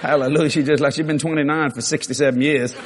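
A middle-aged man, preaching a sermon through lively, laughing anecdotes with sudden jumps in pitch. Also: quick pace, crowd noise, noisy background. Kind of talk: storytelling sermon.

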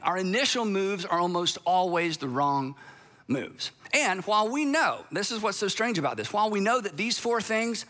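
A man delivers a sermon-style talk in a high, bright voice. He is emphatic and conversational, and he drops sarcastic asides as he speaks.

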